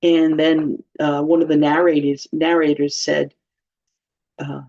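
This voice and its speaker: A woman's voice: low voice, little pitch movement, measured pace, warm tone. A woman giving informal, humorous Bible teaching in a chatty way, laughing often. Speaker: church teacher. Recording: slightly dull lo-fi sound.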